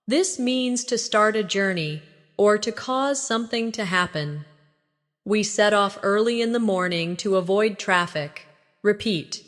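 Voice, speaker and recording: Slow, measured woman teaching English phrases. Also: mid-range voice, long reverb tail. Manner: slow, measured, instructive delivery with pauses for repetition. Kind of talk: scripted language lesson narration.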